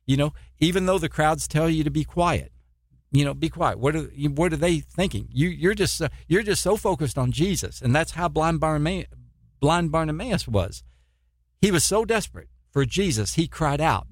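A man's voice: a little high, animated, normal speed, no echo, studio quality. A man preaching an informal sermon in a plain, earnest way, often restarting his sentences. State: eye pain, poor sleep.

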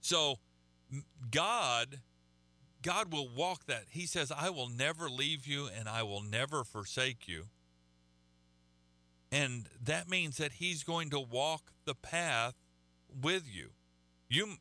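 A man preaching a sermon in a halting, conversational way, often repeating words as he goes. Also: mid-range voice, sharp tone.

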